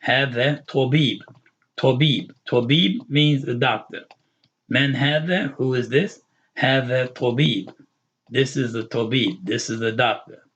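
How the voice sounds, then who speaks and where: A man explains Arabic grammar in an online lesson, going over each term more than once. His voice is husky and mid-pitched. The recording sounds dull and lo-fi. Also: fairly bright tone. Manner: patient, repetitive explaining with quick English glosses. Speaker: Arabic teacher.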